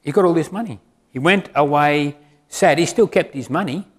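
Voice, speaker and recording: A man's voice: a little high, moderate pace. A man preaching a sermon in a conversational way, asking the congregation questions. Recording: reverberant hall.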